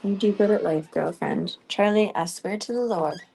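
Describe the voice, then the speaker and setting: A woman streamer chatting casually at home, rambling and cooing softly at her pets. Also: fairly low pitch, normal speed, vocal fry, breathy edge. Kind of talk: casual chat.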